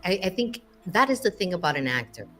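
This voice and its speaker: A woman's voice: lowish voice, big pitch swings, brisk, a bit bright, soft background music. A young adult woman, a voice actress being interviewed, chatting playfully and showing off different voices. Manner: playful, demonstrates voices freely. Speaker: voice actress guest. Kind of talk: casual interview chat.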